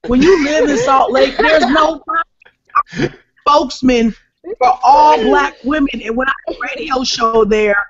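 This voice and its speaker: A woman comedian from New Jersey tells a story with big, animated emphasis and bursts of shouting. The sound is somewhat dull and lo-fi, like a casual podcast recording. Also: high voice, a little slow. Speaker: comedian guest.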